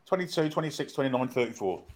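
A man's voice: medium pitch, expressive, fast. Man reading out quiz options. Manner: reads questions and multiple-choice answers. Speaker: co-host quizmaster. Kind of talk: casual live-stream quiz.

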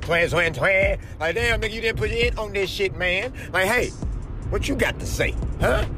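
A hoarse man with a cold hosting a podcast from his car, talking loose, slangy and profane. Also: high-pitched, moderate pace, music in the background. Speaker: podcast host. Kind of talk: casual solo podcast talk. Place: in a car on the road.

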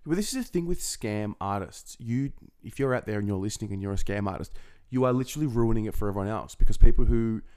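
Fast-talking low-voiced Australian man. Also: darkish tone, clear, resonant tone. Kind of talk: casual chat.

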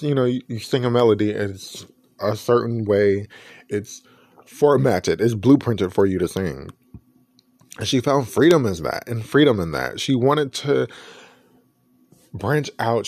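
A man's voice: on the low side, darkish tone, dry recording. A man giving a casual, rambling video review, often correcting himself and speaking openly about personal feelings. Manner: rambling, self-correcting, emotionally open. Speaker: vlogger reviewing a documentary.

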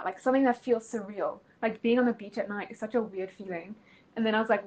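A woman's voice: fairly high pitch, expressive, fast, a little mellow, poor audio. Chatty giggly teenage girl. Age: late teens. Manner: chatty, giggly, peppered with "like" and "you know". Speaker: podcast co-host. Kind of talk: casual chat.

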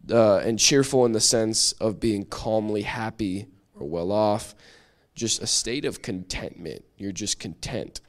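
A man's voice: fairly low pitch, a little slow, few pauses. A man teaching a Bible study lesson in a chatty, self-deprecating way, often restarting his sentences. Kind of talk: casual church teaching.

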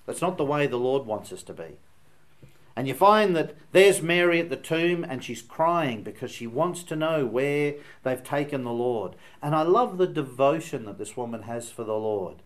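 A man's voice: mid-range voice, lively intonation, normal speed. A man with a Northern Irish accent preaching a sermon in an earnest, emphatic way, weaving in stories as he goes.

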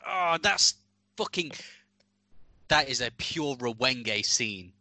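A man's voice: mid-range voice, animated, slow, sharp tone, no echo. A man in casual podcast chat, teasing and giggly. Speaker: podcast co-host.

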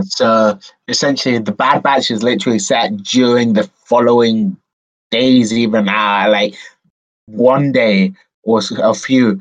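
A man co-hosting a casual chat, eager and quick to jump in, often stammering and restarting. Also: on the low side, low-quality recording.

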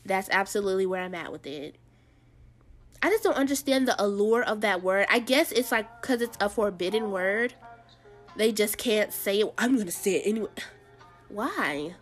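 A woman's voice: medium pitch, lively intonation, moderate pace, soft background music. A woman hosting a show, giving casual pop-culture commentary in a blunt, sassy way and talking straight to her viewers. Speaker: show host.

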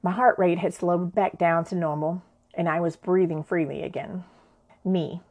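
A woman's voice: fairly low pitch, steady tone, moderate pace, a little mellow. A woman narrates her own story in a frank, everyday voice. She talks conversationally and swears without holding back.

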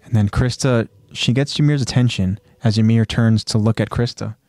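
Excitable man recapping an anime. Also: mid-range voice, dry recording. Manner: animated, quick to jump ahead, loose fillers. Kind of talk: casual recap narration.

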